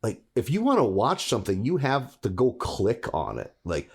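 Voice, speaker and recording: A man co-hosting a podcast in relaxed chat, laid-back and teasing, often laughing. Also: mid-range voice, normal speed, slightly rough. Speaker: podcast co-host. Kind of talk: casual chat.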